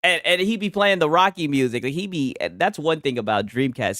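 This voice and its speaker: A man's voice: on the high side, expressive, brisk, hardly any pauses, fairly bright tone, no echo, clean studio sound. A man hosting a casual gaming news stream, talking loosely and profanely and laughing often as he reacts to posts. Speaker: livestream host.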